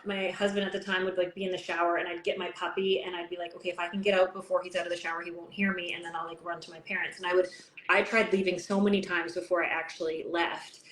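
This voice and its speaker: A woman's voice: lowish voice, little pitch movement, quick pace, a bit bright. A Canadian woman hosting a podcast, telling personal stories openly in a casual, chatty way with lots of "like". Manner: open, personal storytelling with frequent "like". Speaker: podcast host. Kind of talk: casual conversation. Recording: roomy echo, faint background noise.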